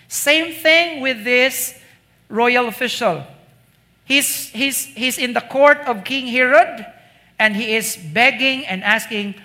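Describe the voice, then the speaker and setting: Slow, bright-voiced preacher with a Filipino accent. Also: mid-range voice. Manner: conversational preaching, peppered with "you know" and "see?"; slips into Cebuano asides. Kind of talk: sermon.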